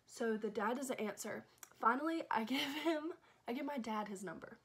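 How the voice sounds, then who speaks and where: A young woman telling a dramatic, animated storytime in a vlog, often checking in with "okay?". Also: fairly high pitch, moderate pace, slightly rough. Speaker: vlogger.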